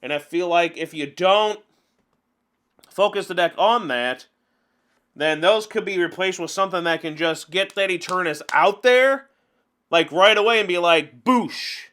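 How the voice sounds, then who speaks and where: A man giving casual gameplay commentary on a card game, chatty and openly venting his frustrations with animated outbursts. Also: high voice, a little slow, clear, resonant tone. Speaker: gaming channel host.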